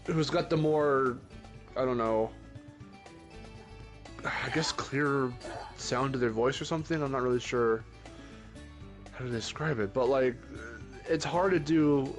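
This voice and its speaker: A man chatting casually over a game stream, rambling, laughing often and swearing now and then. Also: mid-range voice. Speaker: streamer co-host. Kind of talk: casual chat over gameplay.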